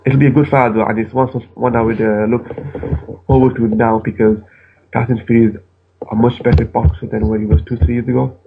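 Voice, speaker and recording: A man phones in from home and talks in a halting way, restarting his sentences. His voice has a gravelly edge, and it comes through a tinny phone line with faint noise behind it. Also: medium pitch, level tone. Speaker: phone-in caller. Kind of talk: casual boxing chat. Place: at home with the television on.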